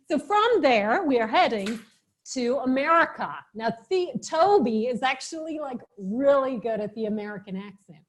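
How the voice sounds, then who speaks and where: A woman's voice: a little high, lively intonation, moderate pace. A woman teaching a live online yoga class for children, giving playful, encouraging cues and laughing often over a video call.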